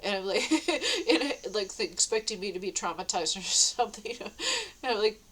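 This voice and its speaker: Woman, casual vlog storytelling, rambling, halting, laughs often. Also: mid-range voice, lively intonation, fairly bright tone, rough recording.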